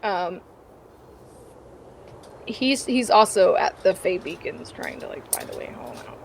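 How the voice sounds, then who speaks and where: A woman's voice: lowish voice, animated, unhurried, creaky. A woman playing in a tabletop game stream, chatting in a rambling, casual way full of ums. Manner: rambling, with frequent ums and laughs.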